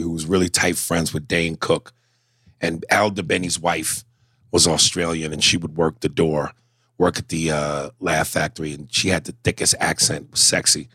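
A low-pitched man co-hosts a podcast in loose, animated, profane chat. He tells stories with plenty of swearing and reads listener messages out loud. The sound is close and dry, with no room around it. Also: husky, no echo. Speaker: podcast co-host. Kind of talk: casual chat.

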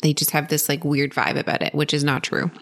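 A woman in her thirties with a low-pitched voice, chatting on a podcast. She tells her stories with lots of "like" and brings the quotes to life with acted-out voices. The tone is loose and casual. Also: fairly quick. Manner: animated, acts out voices in quotes, fillers of like. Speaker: podcast co-host. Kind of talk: casual storytelling chat.

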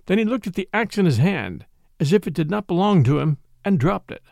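Guy reading a mystery audiobook, expressive, kinda gravelly, dry close mic. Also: high voice, a little fast, no room sound. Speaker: audiobook narrator.

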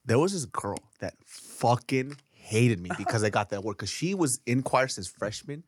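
A man's voice: mid-range voice, animated, moderate pace, dry recording, studio quality. A man co-hosting a podcast in casual chat, laughing often and swearing casually as he tells stories. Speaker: podcast co-host.

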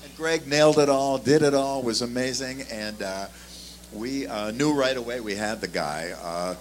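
A bass player on a panel, looking back with enthusiasm and filling his talk with many "uh"s. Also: moderate pace, slight background noise. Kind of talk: casual recollection on a panel.

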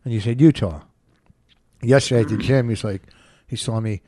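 A man's voice: medium pitch, moderate pace, warm tone, no room sound. Man, fifties, podcast co-host, teasing, needling, dry close mic. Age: 50s. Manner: teasing, needling, laughs often. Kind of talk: casual bickering chat.

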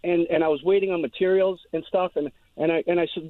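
Over a tinny, dry phone line, a male caller to a radio show tells a rambling, aggrieved story, tripping over repeated words. His voice is fairly high and fast, with hardly any pauses and no echo.

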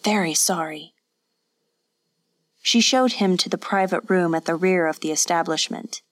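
With a lowish voice and no room sound, this female narrator delivers a scripted audiobook passage, keeping her storytelling steady and measured.

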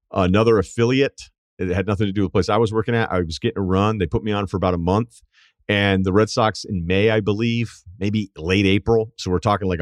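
Middle-aged male sports podcast host, low voice, dry studio sound, conversational and reflective. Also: no room sound. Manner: reflective, conversational, acts out quotes. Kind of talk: casual monologue.

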